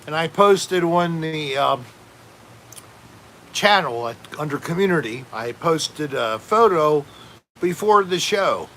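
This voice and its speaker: A man's voice: fairly high pitch, animated, slow, a bit bright, a little hiss or hum. A man hosting a casual home livestream, rambling and joking while reading out chat names. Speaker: livestream host.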